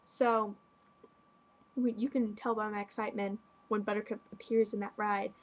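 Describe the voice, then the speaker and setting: A teenage girl hosting a casual podcast, bubbly and gushing with quick asides. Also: mid-range voice, flat delivery, low-quality recording. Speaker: podcast host. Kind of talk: casual chat.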